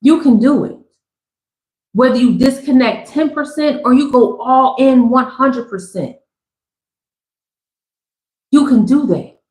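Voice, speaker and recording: A woman gives a live tarot reading in a loud, slangy voice that swings between preaching and joking. Her voice sits a little high. The room around her is echoey. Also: takes it slowly, pauses often. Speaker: tarot reader. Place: Southern California.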